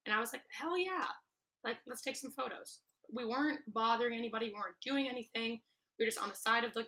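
A young woman in her twenties rants to her podcast listeners from a room at home. Her voice is bright and forward, and she rambles through her story with blunt, profane candor. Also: medium pitch. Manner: candid, swears a lot, rambling. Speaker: podcast host. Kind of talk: casual ranting monologue. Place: home room, recording alone. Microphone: no proper mic.

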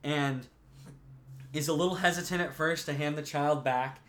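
Casual film-recap host, male, slightly higher voice, chatty storyteller with loose filler words. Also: moderate pace, slight background noise. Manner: animated storyteller, many fillers.

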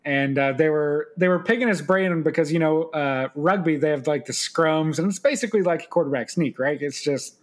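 A man co-hosting a sports podcast in casual chat, telling stories and slipping into quick mock voices. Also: a little high. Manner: animated storyteller, does quick mock voices. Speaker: podcast co-host.

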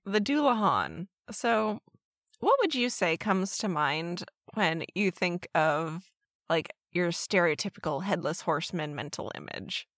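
A woman co-hosting a casual podcast, telling folklore stories in a relaxed, chatty way. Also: on the low side, unhurried, no echo, clean studio sound. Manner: storytelling about folklore, light laughs. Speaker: co-host.

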